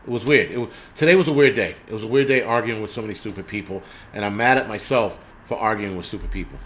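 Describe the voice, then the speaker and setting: A man's voice: on the low side, fast talker, a bit bright, a little hiss or hum. A man hosting a livestream, ranting in a blunt, heated and profane way, reading viewer names and answering them. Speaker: livestream host. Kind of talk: casual livestream rant.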